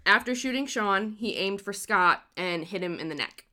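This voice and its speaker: A woman's voice: mid-range voice, lively intonation, normal speed, bright, forceful tone. A woman casually telling a true crime story, swearing freely and laughing often.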